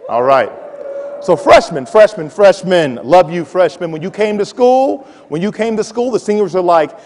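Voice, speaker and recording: Animated man speaking in a large hall. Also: sits high, normal speed. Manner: animated, playful, calls out to the audience. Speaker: college president giving a talk. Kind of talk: motivational speech to students. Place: large hall with a live audience. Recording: hall reverb.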